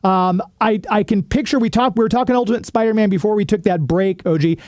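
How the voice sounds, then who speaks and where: Mellow high-voiced male host. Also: fast talker, no room sound, studio quality. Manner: conversational, easygoing questions. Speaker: radio show host. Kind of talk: interview hosting.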